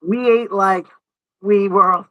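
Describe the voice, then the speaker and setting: A man's voice: high-pitched, fairly even intonation, slow, no echo, highs cut off. Chatty Brooklyn-accented man on a livestream. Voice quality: thick New York speech, chatty and jokey. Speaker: livestream host. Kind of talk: casual live chat. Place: outdoors at night under an umbrella in wind.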